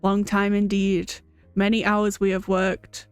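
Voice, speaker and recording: A woman's voice: medium pitch, completely flat delivery, measured pace, clear, resonant tone, no room sound, soft background music, voice pushed down, natural voice. A woman voicing a pompous, self-satisfied male alchemist, reading game dialogue aloud in a grandiose, declamatory way.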